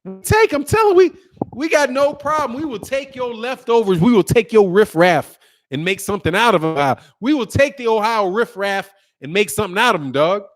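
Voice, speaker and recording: A man's voice: high voice, lively intonation, fairly quick. A middle-aged man from the Chicago area, bantering casually and trash-talking with a joking tone on a boxing live stream, laughing often.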